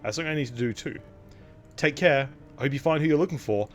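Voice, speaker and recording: A man reading the lines of a quiet, puzzled android woman in a game, soft and hesitant. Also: fairly high pitch, quick pace, faint music behind, natural voice. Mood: wistful.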